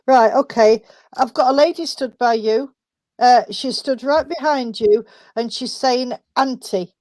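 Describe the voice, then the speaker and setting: A woman's voice: a little high, a little slow, a little mellow, no echo. A woman giving spirit messages at a service, chatty and affectionate, calling people sweetheart. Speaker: spiritualist medium.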